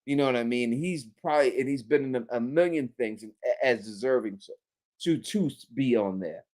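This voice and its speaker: A man's voice: mid-range voice, a little fast, darkish tone. A man co-hosting a fan podcast, talking in an emphatic, casual way and often asking "you know what I mean". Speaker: co-host.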